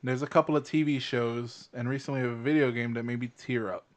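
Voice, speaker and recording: A man's voice: medium pitch, fairly even intonation, brisk. A man co-hosting a podcast in casual chat, crude and joking, laughing often. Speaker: podcast co-host.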